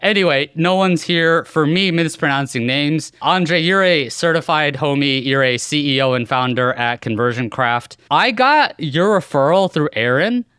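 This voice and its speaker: A male podcast host with a bright, lively voice that swings up and down a lot as he talks. He chats casually and playfully, in slang, and often makes fun of himself. The close mic sounds dry, with no room in it. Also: a little high, normal speed, few pauses, smooth, no echo. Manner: playful, slangy and self-mocking. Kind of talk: casual interview chat.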